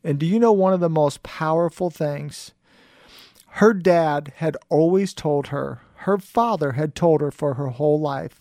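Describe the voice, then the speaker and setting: A man hosting a motivational talk show, telling stories with animated quoted dialogue and frequent laughter. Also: a little high, measured pace, no room sound, studio quality. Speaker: show host.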